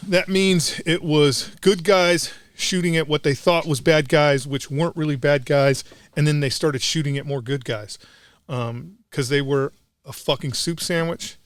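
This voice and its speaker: A man's voice: on the high side, fairly even intonation, measured pace, no echo. Blunt profane man telling war stories. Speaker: combat veteran guest. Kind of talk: casual storytelling.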